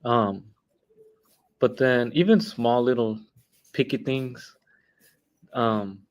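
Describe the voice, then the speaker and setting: A young man in his twenties talking casually as a guest teacher, halting with many restarts and fillers. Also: mid-range voice, poor audio. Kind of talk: casual interview talk.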